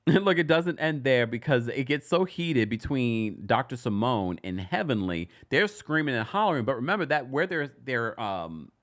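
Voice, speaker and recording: A man hosting a casual reality TV recap, chatty and animated, with sudden high-pitched exclamations. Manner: chatty, many restarts while retelling scenes.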